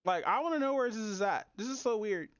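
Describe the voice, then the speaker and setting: A woman's voice: mid-range voice, expressive, fast, no echo. A woman streaming live, mocking a clip in casual, slangy commentary. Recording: dull, dry lo-fi mic.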